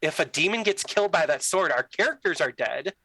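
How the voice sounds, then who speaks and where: Young guy telling a story on a podcast, acts out all the quotes, says like a lot, sharp bright tone. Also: on the high side, a little fast, no room sound, rough recording. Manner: animated, acts out quoted dialogue, many "like" fillers. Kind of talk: casual storytelling.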